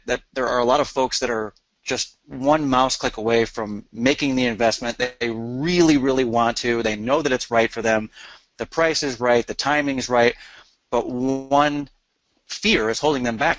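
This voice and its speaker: A man co-hosts a webinar in relaxed conversation, often stammering and restarting his words. The sound is dry, close and dull, like an online call. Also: medium pitch, no echo. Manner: halting, repeats words, many fillers. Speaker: webinar co-host. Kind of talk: casual chat.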